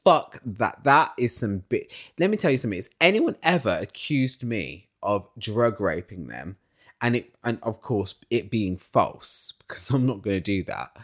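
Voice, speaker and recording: A man's voice: lowish voice, moderate pace. A man hosting a casual reality TV recap, talking in an opinionated way and swearing often. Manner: animated, opinionated, swears a lot.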